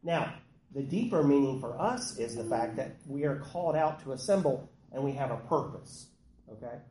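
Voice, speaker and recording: Speaking at medium pitch and a normal speed, a man runs a group Bible study, quizzing the group and inviting people to read aloud. His delivery is animated as he calls on individuals. The recording has an echoey room and some noise behind him.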